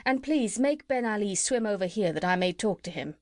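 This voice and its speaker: A woman voicing a polite, gentle male animal doctor. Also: medium pitch, animated, fairly quick, no room sound, clean studio sound, lightly acted. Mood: courteous. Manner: gentle, courteous. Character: kind, polite middle-aged animal doctor.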